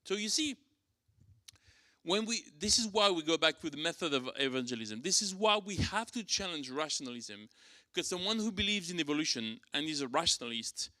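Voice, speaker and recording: French-accented man, church apologetics teacher, bright and forceful, dry close sound, lots of restarts. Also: a little high, animated, fairly quick, no room sound. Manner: conversational teaching with fillers and restarts. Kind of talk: apologetics class lecture. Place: church classroom.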